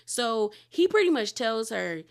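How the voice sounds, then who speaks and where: A woman's voice: fairly high pitch, very animated, measured pace, gravelly. A woman hosting a casual reality TV recap, talking in a candid, outspoken way with gossipy asides. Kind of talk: casual spoken recap and commentary.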